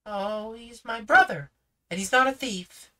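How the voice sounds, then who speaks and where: A storybook reader voicing a bold, excited young girl with an eager, sing-song delivery. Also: medium pitch, measured pace, recorded from a distance, pitched above the performer's own voice.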